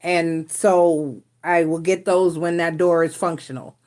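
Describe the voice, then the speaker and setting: A woman's voice: fairly low pitch, little pitch movement, unhurried, a little mellow. A woman hosting a casual live stream, rambling in a frustrated way with restarts and sighs. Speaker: tarot reader and live stream host.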